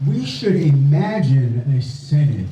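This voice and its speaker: A man's voice: on the high side, sing-song, takes it slowly. A man hosting a fundraising reception, addressing guests in a playful, emphatic way. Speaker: event host. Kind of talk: introductory remarks at a fundraising reception. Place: indoor reception room. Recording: echoey room from a distance, crowd and noise.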